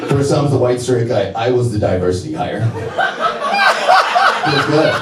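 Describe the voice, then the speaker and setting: A man in his thirties doing a crude, brash stand-up set with deadpan asides on a comedy club stage. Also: lowish voice, brisk, a loud crowd, heavy background noise. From United States. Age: 30s. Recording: roomy club audio from a distance. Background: audience laughter.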